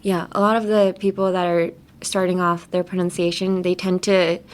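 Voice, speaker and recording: A woman's voice: on the low side, flat delivery, normal speed. Woman teacher, casual chatty lesson, laughs a lot, goofy pronunciation demos, studio mic. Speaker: English teacher host. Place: radio studio.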